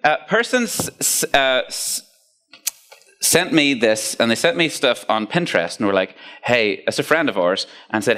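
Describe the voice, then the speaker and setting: A man's voice: medium pitch, moderate pace. A man giving a casual, joking talk to a youth group, with asides to the audience. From Ireland. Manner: playful, jokey, lively storytelling with asides to the audience.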